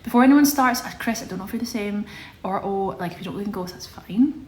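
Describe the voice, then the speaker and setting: This young woman talks fast in a mid-range voice as she reads viewer questions on her live stream and responds to each. The casual session is recorded in an echoey room with light ambience behind her.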